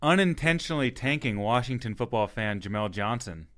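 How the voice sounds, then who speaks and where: A man's voice: medium pitch, expressive, fairly quick, a bit bright. Upbeat man introducing his co-hosts. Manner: upbeat, introducing guests in mock-grand style. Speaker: podcast host. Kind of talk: podcast introduction.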